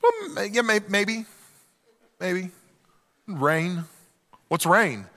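A man's voice: high voice, expressive, very slow, pushed and bright, in a large hall, heavily acted. A pastor voicing a nervous, stammering man who evasively explains his huge boat to a neighbor. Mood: sheepish. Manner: hesitant, stumbling, evasive.

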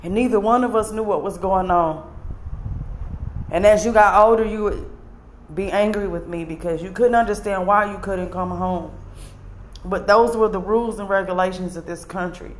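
A woman's voice: mid-range voice, moderate pace, slight background noise. A woman with a mid-range voice, talking straight to camera in a confessional monologue. She sounds emotional and earnest. Her speech is blunt and plain, with the odd curse word. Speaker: vlogger.

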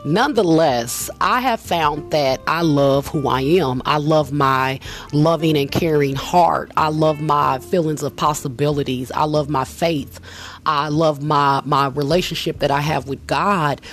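A woman with a low voice talks straight to her listener in a chatty, emphatic pep talk. She hosts her own casual show, and faint music plays behind her. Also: a little slow. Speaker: vlogger, show host. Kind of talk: casual motivational monologue.

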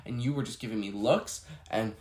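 A man's voice: fairly low pitch, moderate pace, a little mellow. Stuffy-nosed man ranting casually. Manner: chatty, exasperated ranting. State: stuffy from a cold. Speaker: vlogger. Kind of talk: casual storytelling chat. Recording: echoey room.

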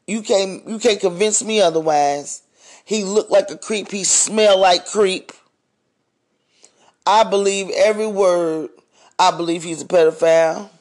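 Heated, profane man ranting, high voice. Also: steady tone, a little slow. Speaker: podcast host. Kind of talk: ranting monologue.

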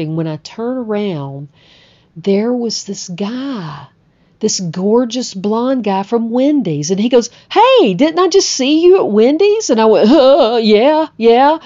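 A middle-aged woman narrates a personal story in a loose, chatty way. Her voice sits low and mellow. The recording sounds a little dull and lo-fi. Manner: chatty, conversational, with frequent "you know" and "like".

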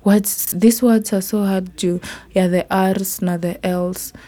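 A young woman with a Kenyan Kimeru accent hosts a solo podcast in a relaxed, chatty way. She talks slowly at a middle pitch. She mixes English and Swahili and now and then drops into a soft whisper. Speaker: podcast host. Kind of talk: casual solo podcast talk.

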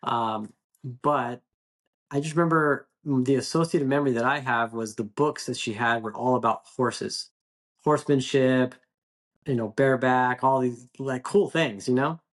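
A man's voice: mid-range voice, moderate pace. A man on a podcast, a dog trainer, recalling a client in rambling casual talk. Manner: rambling, full of fillers and restarts.

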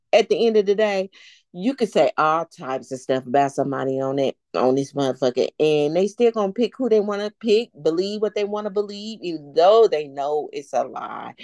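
Woman host gossiping, voice swoops way up and down, dry close sound. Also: no room sound. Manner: animated, swoops up into high quoted asides. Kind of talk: casual gossip chat.

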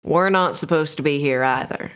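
Un joueur faisant un inconnu mystérieux et calme. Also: medium pitch, normal speed, smooth, natural voice. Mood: calm. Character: calm mysterious stranger speaking through a phone speaker.

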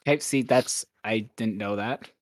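A man's voice: fairly low pitch, moderate pace, no room sound, studio quality. A young man hosting a podcast in casual chat, rambling and upbeat, often correcting himself. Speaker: podcast host.

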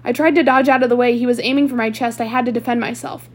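A woman's voice: fairly high pitch, steady tone, quick pace, darkish tone, natural voice. A woman voicing a cunning man who insists on his innocence in a read-aloud novel, with a slightly raised voice. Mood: insistent. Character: cunning man bluffing through pain.

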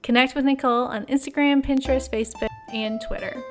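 A woman with a fairly high voice hosts a faith podcast, reading a scripted intro in an upbeat, chatty way. Soft music plays faintly under her voice. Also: steady tone, fairly quick. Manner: upbeat and chatty, with light laughs. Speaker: podcast host.

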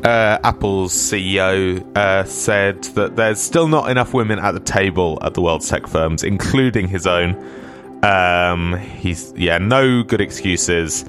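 A man's voice: sits low, unhurried, fairly bright tone, soft background music. A man hosting a casual radio show and reading the weather. He rambles with chatty, self-deprecating asides and sounds slightly stuffy from a cold.

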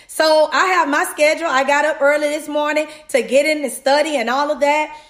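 In an echoey room, a woman whose voice sits high speaks briskly. She's a podcast host giving a devotional, an animated, casual motivational sermon aimed straight at her listeners, whom she calls "y'all."

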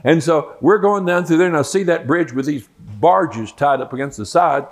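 A man's voice: fairly high pitch, moderate pace. An older man, a Bible teacher, telling a folksy personal story in a sermon and acting out the quoted lines.

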